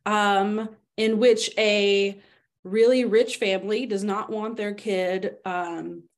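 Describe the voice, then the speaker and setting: A woman guest on a library podcast, summarizing a book in a steady, clear way. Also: medium pitch, slow pace. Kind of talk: casual book talk.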